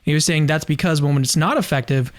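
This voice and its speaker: A man's voice: on the high side, brisk, no room sound. Youngish-sounding man hosting, dry close sound. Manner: relaxed, asks questions, small restarts. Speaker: host. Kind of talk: casual interview chat.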